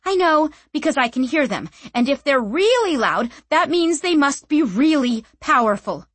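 A woman's voice: high voice, sing-song, moderate pace, no room sound, pitched above the performer's own voice. A woman voicing a brash, defiant young woman who talks bluntly and urgently and swears, in an audiobook.

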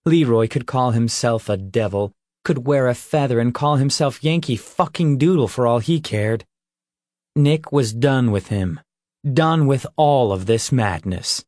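A man reading a fantasy novel aloud as an audiobook narrator, with measured storytelling. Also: medium pitch, a little mellow, no echo, clean studio sound. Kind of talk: scripted narration.

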